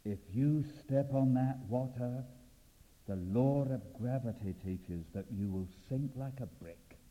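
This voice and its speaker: A male preacher voicing gravity as an ancient, scornful voice that dismisses a daring idea in a lowered tone. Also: slow, mellow, natural voice. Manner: low, dismissive scolding. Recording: reverberant, dull lo-fi hall recording.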